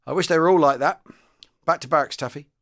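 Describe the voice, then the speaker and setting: A man's voice: fairly high pitch, quick pace, fairly bright tone, voice pushed up. A man voicing a weary veteran sergeant speaking wryly to his crew. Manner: wry.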